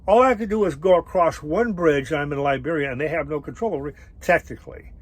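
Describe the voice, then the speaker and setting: A middle-aged man casually telling a travel story, rambling and halting with many fillers and restarts. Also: on the high side, rough recording. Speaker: travel vlogger.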